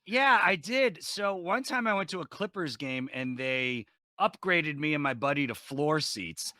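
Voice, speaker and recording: A man's voice: on the high side, lively intonation, a little slow, pushed and bright, no room sound. A man telling a punchy comic anecdote as a guest on a video-call comedy show. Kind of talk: animated comic storytelling.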